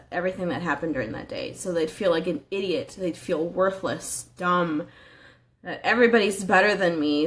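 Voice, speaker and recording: Earnest conversational woman coaching. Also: fairly low pitch. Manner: earnest and conversational, with frequent restarts and rhetorical questions. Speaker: life coach. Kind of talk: casual motivational training talk.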